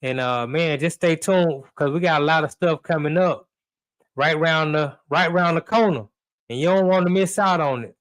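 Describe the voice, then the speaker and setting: A man's voice: a little high, moderate pace, a bit bright. Laid-back sports co-host man. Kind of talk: casual podcast chat.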